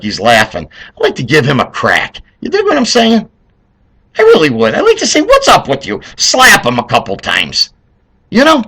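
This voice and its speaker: Gravelly, animated ranting American man. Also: mid-range voice. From United States. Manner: heated, rambling, sarcastic. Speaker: political vlogger. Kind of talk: ranting vlog monologue.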